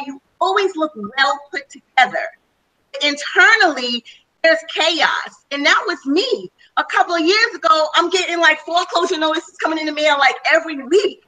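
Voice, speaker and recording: A woman's voice: high voice, bright, forceful tone, low-quality recording. A woman speaking as a panel guest on a webinar, telling her personal story with enthusiasm. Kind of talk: testimonial on a webinar call.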